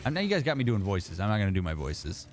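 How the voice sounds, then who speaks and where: A man with a fairly low voice, from Indiana, talks casually through a gaming livestream as a therapist host. He reads and answers his chat in a relaxed, chatty way, with a faint hum of background noise. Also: fast. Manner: chatty, answers chat messages as they come. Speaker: therapist streamer.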